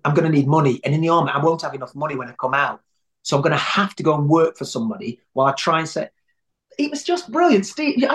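Rambling man, higher voice. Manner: rambling storyteller, many restarts. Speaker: interview guest. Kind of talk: conversational anecdote.

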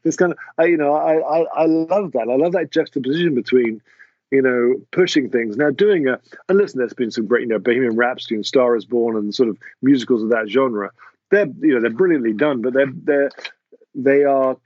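An English man, a music producer, answering interview questions in a halting way with many restarts. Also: mid-range voice, no room sound, highs cut off. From England. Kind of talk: casual interview talk.

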